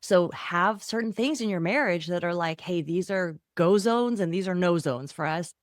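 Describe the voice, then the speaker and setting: A middle-aged woman, a guest author in a podcast interview, talking in an animated way and acting out quoted voices. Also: on the low side, normal speed, no room sound, clean studio sound.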